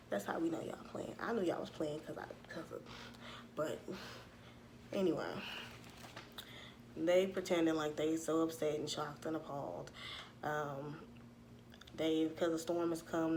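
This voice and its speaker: A woman, giving a sassy, animated recap of a reality show in casual commentary. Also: low-pitched, slight background noise. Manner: sassy, animated retelling with acted-out quotes.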